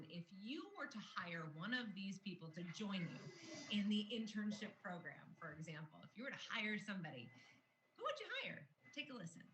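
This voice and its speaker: Woman trainer, conversational explainer; roomy recording with steady background noise. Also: mid-range voice. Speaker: communication trainer. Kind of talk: online training lesson.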